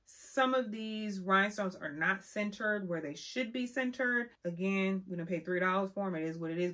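A young woman vlogger reviewing press-on nails in a sassy, expressive way, calling her viewers honey. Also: medium pitch, normal speed, hardly any pauses. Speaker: beauty vlogger. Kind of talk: casual product review.

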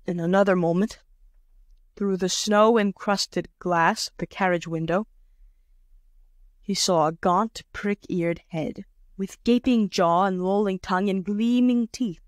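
A woman's voice: medium pitch, no room sound. Dry, close woman audiobook narrator. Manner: measured storytelling. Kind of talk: scripted narration.

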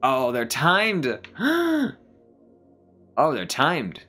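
A gamer giving casual, excitable commentary while playing, often gasping and exclaiming, with the odd casual swear. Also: medium pitch, drawn-out words, breathy edge, soft background music. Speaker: let's play gamer.

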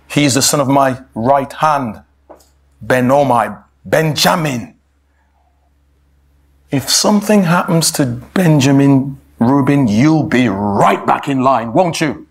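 Guy preaching a bible talk, kinda husky voice, stumbles and restarts words, calls everyone brothers and sisters. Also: mid-range voice, takes it slowly. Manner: addresses listeners as brothers and sisters, restarts words, reads scripture aloud. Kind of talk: sermon-style Bible exhortation.

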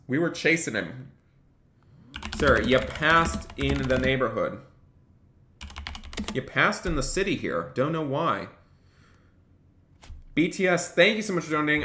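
A man's voice: medium pitch, bright, forceful tone. A man streaming a game live, cheerfully thanking donors and barking mock police orders as he role-plays a cop. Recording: echoey room, faint noise.

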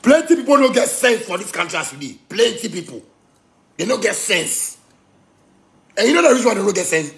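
Man, Ghanaian Pidgin English accent, angry rant, gravelly, slightly high voice, heated outbursts and low mutters. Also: very animated, very fast, few pauses. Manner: heated, swinging between shouting and muttering.

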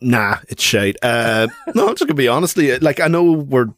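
A man's voice: medium pitch, lively intonation, moderate pace, a bit bright, no room sound. A man with a Northern Irish accent, giving blunt, dry opinions in a casual film chat.

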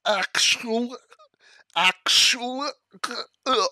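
A man's voice: a little high, expressive, normal speed, pauses often, fairly bright tone. A man doing casual stream commentary, full of swearing and self-mocking. He keeps tripping over a word and laughing about it. His voice sounds dry and close, with no room echo. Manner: profane, ranting, keeps stumbling over a word and laughing at himself.

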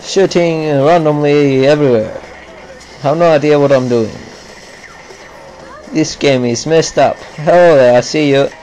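Slow, cursing gamer man. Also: fairly high pitch, steady tone, darkish tone, low-quality recording. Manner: cursing, grumbling running commentary. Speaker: gameplay commentator. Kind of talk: live gameplay commentary.

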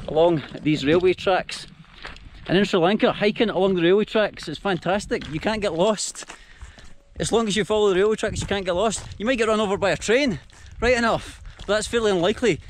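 Young Scottish man, self-mocking travel vlogger, chatty to a handheld camera outdoors, light noise. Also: high voice. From Scotland. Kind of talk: casual vlog to camera. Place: outdoors, countryside by rail tracks. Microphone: handheld action camera.

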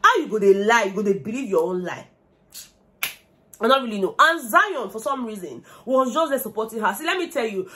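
A young woman with a Nigerian accent, giving animated, gossipy commentary on a reality show and slipping into Pidgin slang. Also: mid-range voice. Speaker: vlogger.

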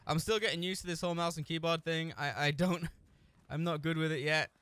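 Playing a shooter on stream, this man keeps up live commentary full of swearing, trash talk aimed at other players, and jokes squeezed between bursts of frustration. His voice is on the high side, steady and fairly bright, and he talks fairly quickly. The sound from his desk mic with a camera, used without headphones, is clean with no echo.

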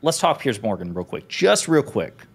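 A man's voice: on the low side, big pitch swings, moderate pace. A man talking as a commentator guest in casual debate chat. He is emphatic and builds his case point by point.

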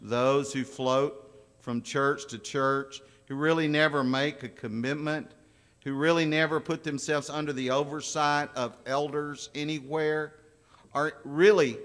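Folksy preacher in a reverberant church. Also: male voice, medium pitch, a bit bright. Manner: folksy storytelling, asks the congregation questions. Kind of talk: sermon. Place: church sanctuary. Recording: long church hall reverb.

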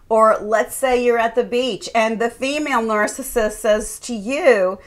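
A woman's voice: a little high, unhurried. A woman life coach giving an earnest advice monologue, now and then acting out what someone else says. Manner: earnest, acts out quoted remarks.

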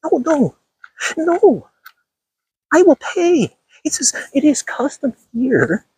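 Man doing a high, insistent young woman. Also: big pitch swings, warm tone, no room sound, heavily acted. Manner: high, quick, repeated refusals. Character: insistent polite young woman treating him to dinner.

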